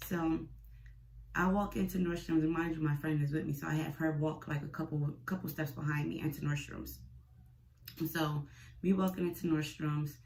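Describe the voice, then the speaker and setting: A young woman vlogger telling a storytime tale, blunt and profane, animated and chatty. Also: deep voice, moderate pace, a little hiss or hum, low-quality recording. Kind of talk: storytime vlog.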